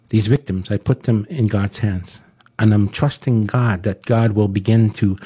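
Male preacher, mellow and low, earnest, halting delivery. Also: slightly rough. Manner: earnest, halting with frequent fillers. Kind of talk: devotional sermon.

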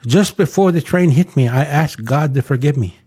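Man acting a bandaged young man, elated, pitched up and loud. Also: normal speed, breathy edge. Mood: joyful. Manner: excited, exclaiming praise. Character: injured young man, joyful and grateful.

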